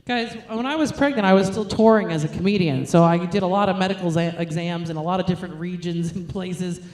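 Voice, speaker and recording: A woman's voice: fairly low pitch, fast talker, darkish tone, echoey room. A young woman from New York, a stand-up comedian, telling crude, self-mocking jokes.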